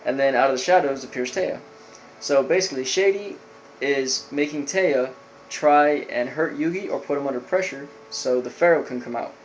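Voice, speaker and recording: A man casually talking through a recap of a show episode at a mid-range pitch. He rambles, piles on fillers and restarts, and slips into quick paraphrased lines for the characters. A faint hiss sits under his voice. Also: muffled recording. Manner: rambling, filler-heavy retelling with loose quoted lines. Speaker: anime episode reviewer.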